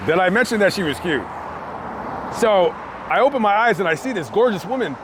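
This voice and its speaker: A man vlogging outdoors by a busy street, telling a story with lively acted-out quotes. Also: high-pitched, normal speed, pauses often. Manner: animated storytelling, acting out quotes. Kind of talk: storytime vlog told on location. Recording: faint street noise outdoors. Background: passing traffic.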